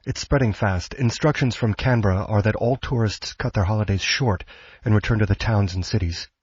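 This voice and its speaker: A man voicing a brisk, practical young American woman in an audiobook. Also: fairly low pitch, breathy edge, dry recording, dull audio. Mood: urgent.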